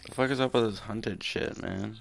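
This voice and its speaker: Blunt, gravelly deep-voiced gamer man. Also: normal speed. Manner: blunt, sweary, teasing. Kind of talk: casual gaming chat.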